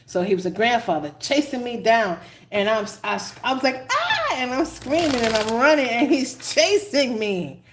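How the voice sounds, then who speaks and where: Animated New woman telling stories. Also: on the high side, moderate pace, slight background noise. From New York. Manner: animated storyteller, laughs often, dramatic asides. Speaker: tarot reader. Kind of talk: casual live-stream chat.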